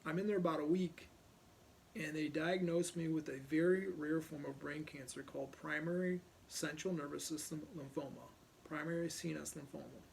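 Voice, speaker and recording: A man's voice: on the high side, fairly even intonation, moderate pace, creaky, a little hiss or hum. A middle-aged man from Ohio, a police officer, casually telling a personal story and animatedly acting out other people's lines.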